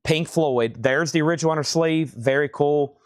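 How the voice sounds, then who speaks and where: A man's voice: a little high, normal speed, clear, resonant tone, no room sound, studio quality. A man hosting a live record sale, rattling off prices and catalog numbers while he has the hiccups. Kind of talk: live-stream auction selling.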